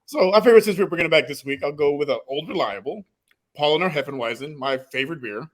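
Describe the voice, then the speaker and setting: A man co-hosting a casual podcast, relaxed and enthusiastic as he recommends a favorite. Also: a little high, quick pace. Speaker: podcast co-host.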